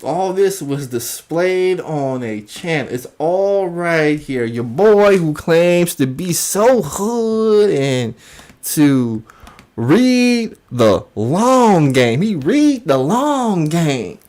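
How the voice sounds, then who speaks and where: A woman hosting a drama commentary show, full of exclamations and repeated phrases. Her pitch rises and falls widely while her overall pace stays unhurried. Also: big pitch swings, a little mellow. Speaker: commentary channel host.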